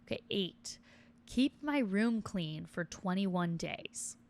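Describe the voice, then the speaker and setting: Chatty young woman with gravelly fry. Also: mid-range voice, expressive, slow pace, darkish tone. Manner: chatty, self-deprecating, swears casually; reads list items then comments on each. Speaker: vlogger. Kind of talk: casual vlog chat.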